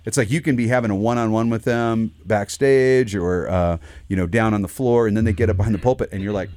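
Low-voiced pastor, dry studio chat. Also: male voice, fairly even intonation, a little fast, darkish tone, dry recording. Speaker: pastor and radio show co-host. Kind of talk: casual conversational chat.

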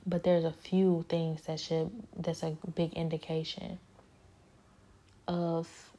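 Husky low woman, earnest testimony. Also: monotone, slow, mellow. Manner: earnest, repetitive, often drops to a whisper. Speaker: speaker sharing a personal spiritual struggle. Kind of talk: personal testimony monologue.

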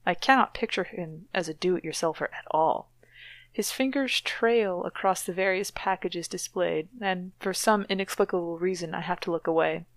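There's no room sound as a woman with a lowish voice reads a novel aloud at a normal pace. She co-hosts the podcast, delivering the text dramatically and breaking off for mocking, wry asides.

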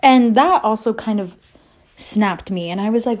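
A woman's voice: a little high, moderate pace, a little mellow. A woman in her twenties talking candidly in a casual personal vlog, rambling and swearing freely as she moves between rooms. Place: moving between rooms at home.

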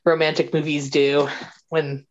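A woman co-hosting a podcast, recapping a movie in casual chat, animated and laughing as she quotes the characters. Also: low-pitched, measured pace, lo-fi sound. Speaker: podcast co-host.

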